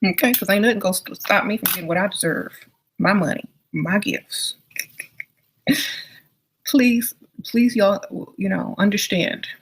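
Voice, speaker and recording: A woman's voice: medium pitch, measured pace, pauses often, a little hiss or hum. A woman giving blunt, sassy birthday advice straight to the viewer. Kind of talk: casual advice monologue. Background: guitar music.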